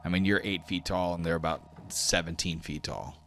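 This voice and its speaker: Give me a low-voiced man running a tabletop game, casual and rambling. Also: fairly even intonation, moderate pace, fairly bright tone, slight background noise. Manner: casual, many fillers like "like". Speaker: game master.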